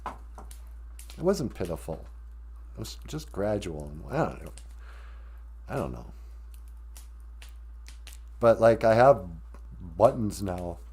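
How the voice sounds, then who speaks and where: Lively-voiced man, rambling at home. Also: low voice, takes it slowly, creaky, long pauses, slightly rough. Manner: candid and rambling, with frequent self-interrupting asides. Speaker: live-stream host. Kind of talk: casual live-stream talk.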